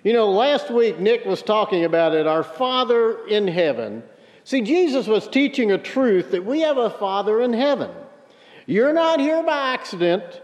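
A man's voice: sits high, very animated, normal speed. A man preaching a sermon, telling a story and then driving home his point with emphasis. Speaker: pastor. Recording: dull sound with long hall reverb.

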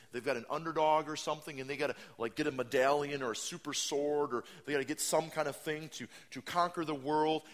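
A man in his thirties preaches with an animated, swinging delivery. His voice is bright and forceful, leaping into high mocking voices before settling into quiet, earnest stretches. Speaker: pastor. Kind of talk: sermon.

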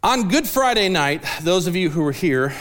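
A man's voice: sits high, big pitch swings, moderate pace, fairly bright tone. A man preaching a sermon as pastor in a church, casual and joking as he acts out people's lines. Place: church sanctuary.

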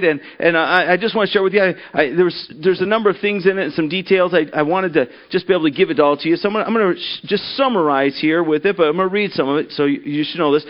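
A man preaching a sermon and reading a story aloud, earnest, often repeating words as he starts a thought. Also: high voice. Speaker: pastor. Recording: dull lo-fi recording.

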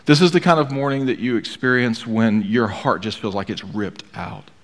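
Male pastor, mid-pitched, earnest sermon delivery with repeated emphasis; reverberant church hall. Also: normal speed. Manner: earnest preaching with emphatic repetition.

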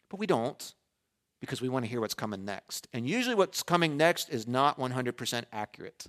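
A man's voice: mid-range voice, big pitch swings, fairly quick, fairly bright tone. A middle-aged man from Pennsylvania preaching a sermon in a conversational way, with sarcastic asides and quoted voices acted out. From Pennsylvania, USA. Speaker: pastor.

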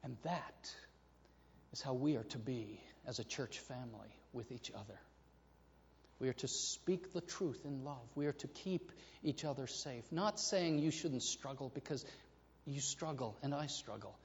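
A man preaching a sermon to his congregation, telling a story with animated delivery and acting out the voices in it. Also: mid-range voice, unhurried. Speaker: pastor. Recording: reverberant hall, dull lo-fi sound.

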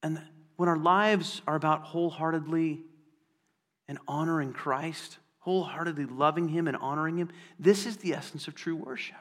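A man preaching a sermon in an earnest way, slowing down and repeating phrases for emphasis. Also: fairly high pitch, steady tone, a bit bright. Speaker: pastor. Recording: long hall reverb.

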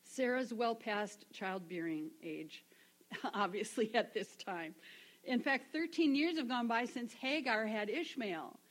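A woman teaching a Bible lesson, animated and acting out the quoted voices as she reads. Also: fairly high pitch, low-quality recording. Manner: animated, acts out quoted voices with laughs and whispers.

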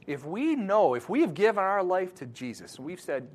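Male pastor, high voice, animated preaching, hushed then loud, from Wisconsin. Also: moderate pace, hardly any pauses. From Wisconsin, USA. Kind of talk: sermon.

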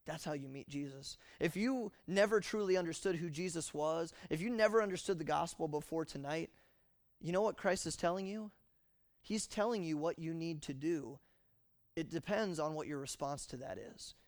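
A man with a high voice preaches a sermon, animated and emphatic. He acts out the scripture lines he quotes. The sound is dry and close, with almost no room echo. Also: moderate pace.

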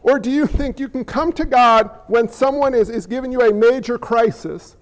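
A man preaching a sermon as a pastor, animated, with quick asides to the congregation. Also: very high-pitched.

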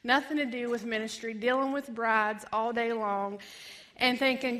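Lively woman telling her testimony. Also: fairly high pitch, moderate pace. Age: 30s. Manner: animated storytelling, acts out quoted voices, laughs often. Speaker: ministry founder giving testimony. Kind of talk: personal testimony.

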